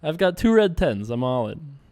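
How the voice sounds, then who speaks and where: Guy narrating his online poker hands, thinking out loud, kinda jokey, clean dry mic sound. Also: a little high, big pitch swings, moderate pace, no room sound. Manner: joking, self-mocking, thinking aloud. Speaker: online poker player commentating his session. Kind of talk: casual play-by-play commentary.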